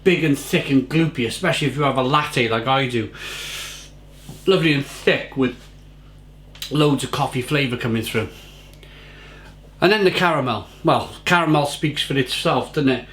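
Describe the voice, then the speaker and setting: A man's voice: mid-range voice, moderate pace, pauses often, a bit bright, slight background noise. A man reviewing a beer to camera, effusive and rambling, repeating words for emphasis.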